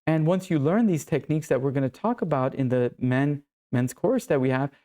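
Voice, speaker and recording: A man coaching other men in an earnest, intimate monologue, calling the viewer brother and slowing down on key phrases. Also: a little high, mellow. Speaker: men's coach. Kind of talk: direct-to-camera coaching monologue.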